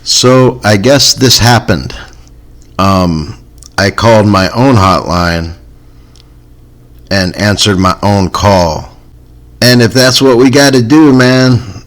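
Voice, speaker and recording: A man's voice: fairly low pitch, slow pace, long pauses. A man hosting a comedy podcast, rambling in a wry, self-mocking way. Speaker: podcast host. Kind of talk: casual comedy podcast chat.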